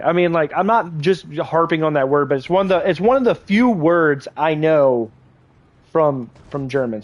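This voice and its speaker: Chatting casually over a game stream, a man with a slightly high, slightly mellow voice rambles on, leaning heavily on "like" and frequently starting sentences over.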